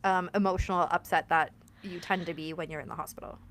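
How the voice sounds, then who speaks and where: A woman's voice: fairly low pitch, steady tone, fast, a bit bright, slight background noise. A woman hosting a podcast who chats casually and tells side stories, acting out bits of dialogue. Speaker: podcast host. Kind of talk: casual interview chat.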